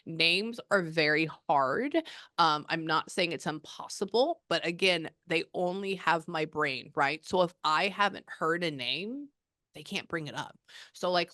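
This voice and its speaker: A woman's voice: low-pitched, a bit bright, no room sound, clean studio sound. A woman from Texas, working as a spiritual medium in a reading session over a video call. She talks in a chatty, rambling way and keeps breaking off to say "hold on.". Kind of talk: live reading session with a client.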